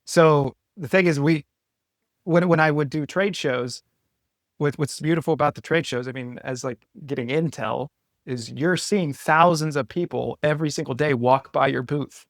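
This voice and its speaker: A male podcast host with a fairly high voice, chatting casually and circling his point with fillers and restarts. The sound is dry and close, with no room around it. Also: moderate pace, no echo. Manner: rambling, many "like" fillers and restarts. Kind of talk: casual interview chat.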